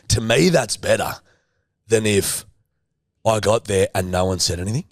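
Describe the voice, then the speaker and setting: A man's voice: fairly low pitch, moderate pace, no echo, clean studio sound. A man, co-hosting a podcast and telling a rowdy story, swearing heavily. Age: 30s. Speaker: podcast co-host. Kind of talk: casual chat.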